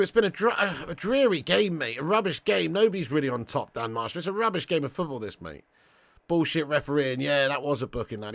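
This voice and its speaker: A man's voice: mid-range voice, creaky, no echo. A young man hosting a casual live watch-along, reading chat and bantering with viewers as lad and mate.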